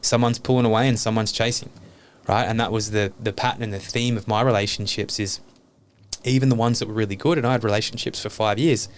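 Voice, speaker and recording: Low-voiced man sharing earnestly. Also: fairly even intonation, fast. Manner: earnest, open, swears casually. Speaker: podcast guest. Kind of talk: reflective podcast conversation.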